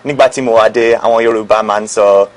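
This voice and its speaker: A man's voice: lowish voice, fairly even intonation, quick pace. A man in an interview clip, speaking carefully in a language he learned as a visitor.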